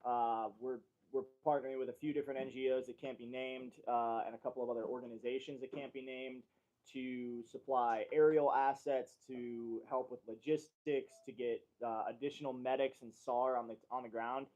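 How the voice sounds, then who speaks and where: A man hosts a casual livestream from a studio, trading loose jokes with his co-hosts before turning earnest about preparedness. His voice sits in a middling pitch. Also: little pitch movement, normal speed, darkish tone, highs cut off. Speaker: livestream host. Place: company studio.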